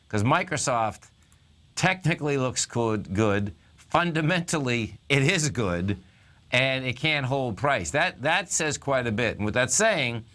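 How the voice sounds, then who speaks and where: Bright-voiced talk radio market host. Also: male voice, mid-range voice. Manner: casual, rambling with restarts.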